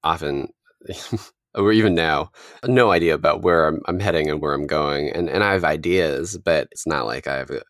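A man's voice: very deep voice, normal speed, no room sound, studio quality. A man hosting an interview, asking thoughtful, searching questions. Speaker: interview host.

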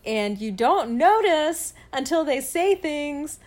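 A woman's voice: sits high, slow pace. A young adult woman from Georgia with no regional accent, co-hosting a casual chat and laughing easily. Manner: chatty, laughs easily, animated rises. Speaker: podcast co-host.

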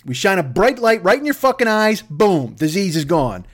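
A man impersonating a brash, boastful older male president with a swaggering salesman pitch. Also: big pitch swings, normal speed.

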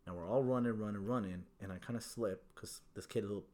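A man's voice: fairly low pitch, fast, warm tone. A young man telling a story in casual chat, laid-back and swearing freely, with lots of "like" and "bro".

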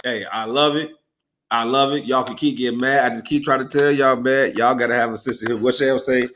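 A man hosting a casual, profane chat, animated and laughing often, repeating his phrases as he riffs. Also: medium pitch, brisk. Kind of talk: casual podcast banter.

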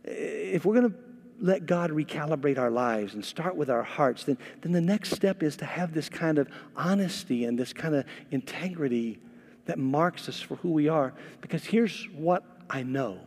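A man preaching a sermon as a pastor, telling stories with animated, lively acted-out dialogue. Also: fairly high pitch, moderate pace, long reverb tail. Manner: animated storytelling, acting out quoted voices. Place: church sanctuary.

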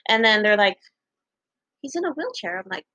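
A young woman casually telling a story to her viewers, chatty and laughing often, acting out what people said with big jumps in pitch and casual swearing. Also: big pitch swings, normal speed, sharp tone, no echo, poor audio.

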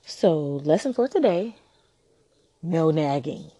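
A woman's voice: sits low, lively intonation, takes it slowly, warm tone, dry recording. A woman hosting a relationship advice podcast, talking frankly and teasingly in a casual monologue.

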